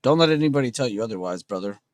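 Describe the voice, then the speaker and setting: A man's voice: medium pitch, rapid-fire, dry recording. A young man hosting a trading livestream, chatting casually and slangily with his viewers. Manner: relaxed, slangy, talks to chat with "bro" and "dude".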